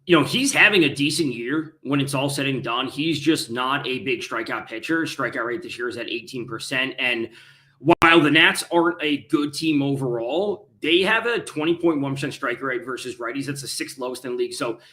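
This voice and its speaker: A man who is a guest on a betting podcast, giving relaxed picks with frequent filler sounds. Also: mid-range voice, fairly quick. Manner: easygoing, with frequent filler ums. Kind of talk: sports betting analysis.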